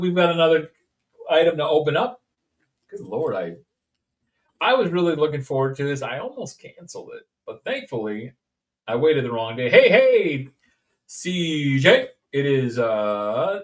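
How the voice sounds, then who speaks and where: Man, rambling and jokey, mid-pitched voice, mic some distance off. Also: expressive, a little slow. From Indiana, USA. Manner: rambling, jokey, sings snippets. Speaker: toy-collecting streamer. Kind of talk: casual unboxing chat.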